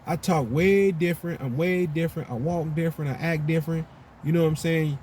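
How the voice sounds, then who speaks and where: Man from Chicago, casual vlog talk, laid-back slangy manner, mellow warm tone, faint traffic hum. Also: a little high, steady tone, brisk, rough recording. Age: older adult. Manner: laid-back, slangy, repeats "you know what I'm saying". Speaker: vlogger. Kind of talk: casual monologue to camera.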